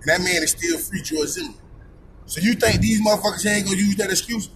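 Heated profane man with high voice. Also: fast, fairly bright tone, a little hiss or hum, poor audio. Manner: profane, heated, emphatic repetition; preachy, rhetorical questions. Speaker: podcast host. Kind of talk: personal opinion monologue.

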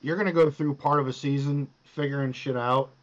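A man's voice: medium pitch, fairly even intonation, fairly quick, dull audio. Casual man coaching with loose profanity. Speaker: podcast host coaching a guest. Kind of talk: casual chat.

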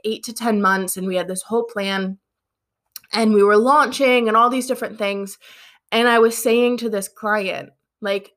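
Woman coach, casual motivational talk, chatty and self-deprecating. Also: mid-range voice. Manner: chatty, animated, self-deprecating, many fillers. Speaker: business coach.

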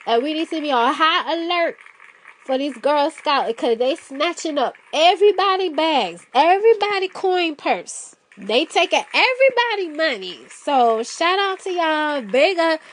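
A woman's voice: high-pitched, a little hiss or hum. A woman hosting a podcast solo, chatting playfully and telling stories straight to her listeners. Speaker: podcast host. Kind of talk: casual solo podcast chat.

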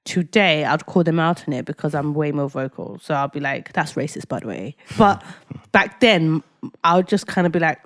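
A woman, co-hosting a casual podcast chat and telling stories with animated energy. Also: sits low, moderate pace. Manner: animated storytelling, echoes her co-host. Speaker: podcast co-host.

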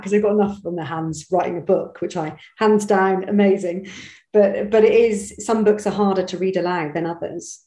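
A chatty woman from Britain, an actor and narrator, answers interview questions with lively energy and frequent self-corrections. Her voice sits low and sounds mellow. The room around her carries a noticeable echo. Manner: chatty, animated, quick restarts. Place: home studio.

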